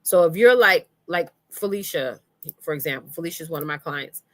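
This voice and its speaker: A woman's voice: low voice, expressive, moderate pace, a bit bright. A woman hosting a casual live stream on email marketing, chatty and familiar, greeting viewers by name and calling them y'all and sis.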